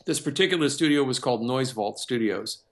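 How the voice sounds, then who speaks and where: Animated man telling a studio story. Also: medium pitch, fairly quick. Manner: animated storyteller who acts out other people's lines. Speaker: music producer and composer. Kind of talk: storytelling in an interview.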